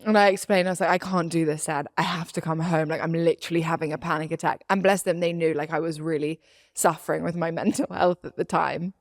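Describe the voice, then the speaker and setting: A young woman co-hosting a podcast, telling a personal story in casual chat, animated and laughing as she acts out quotes. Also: low-pitched, fast, no echo, clean studio sound. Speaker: podcast co-host.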